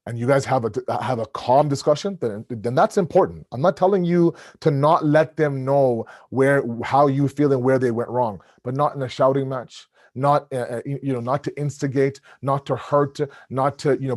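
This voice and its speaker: Booming male lecturer on a video call, animated, dry close sound, frequent restarts. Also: normal speed, hardly any pauses, no echo. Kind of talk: online religious lecture.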